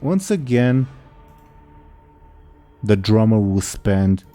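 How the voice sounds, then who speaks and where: Young guy gm, low mellow voice, um-ing through the scene. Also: sing-song, soft background music. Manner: casual, halting, frequent fillers. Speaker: game master. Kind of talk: narrating a tabletop game.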